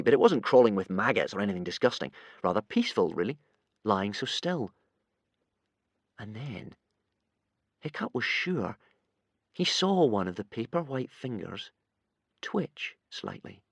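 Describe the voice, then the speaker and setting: A man reading a children's audiobook aloud with lively, expressive narration. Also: on the low side, dry recording. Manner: lively, voices many characters.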